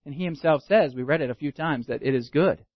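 A man's voice: on the high side, quick pace, dry recording, muffled recording. A man preaching a teaching sermon, emphatic and repeating key phrases for his listeners. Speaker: pastor.

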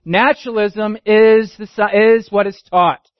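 A man's voice: sits high, steady tone, a little slow, no room sound, lo-fi sound. A man preaching a teaching sermon, emphatic and repeating key phrases for his listeners. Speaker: pastor.

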